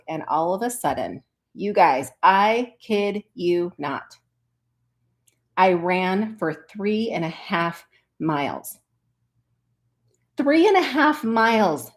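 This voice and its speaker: A woman who coaches online business, talking to her viewers in an earnest, chatty way and often calling them "you guys". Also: medium pitch. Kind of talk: casual motivational vlog talk.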